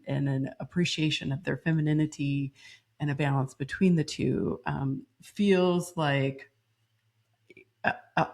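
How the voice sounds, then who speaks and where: A woman co-hosting a podcast, speaking earnestly and thoughtfully, with pauses and hesitations. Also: low-pitched, creaky, darkish tone. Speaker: podcast co-host. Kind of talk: reflective conversational podcast.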